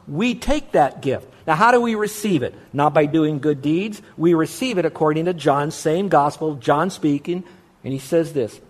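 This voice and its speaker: A male pastor preaching with emphatic, repetitive stress on his points. His voice sits a little higher than most men's. He talks straight to the congregation. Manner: emphatic preaching with repeated phrases. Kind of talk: sermon.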